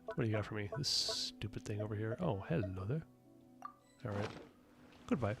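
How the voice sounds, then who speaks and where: A man streaming a video game, chatting casually, rambling and thinking out loud as he answers his chat. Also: on the low side, expressive, normal speed, gravelly, loud music behind the voice. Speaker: gaming streamer. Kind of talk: casual gaming commentary.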